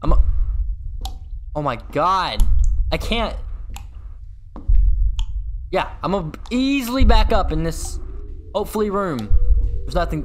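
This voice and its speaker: A man giving horror game commentary, swearing constantly and yelling when he gets startled. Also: sits high, very animated, measured pace, pauses often, soft background music. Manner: swears constantly, jumpy and loud when scared. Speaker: gaming video host.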